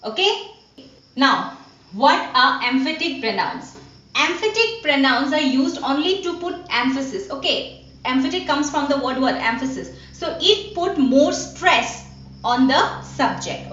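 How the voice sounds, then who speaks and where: Slow, high-voiced woman teaching an online class. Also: a bit bright. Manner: slow, repetitive teaching with rhetorical "what?" questions. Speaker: school teacher. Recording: dull, roomy recording from a distance.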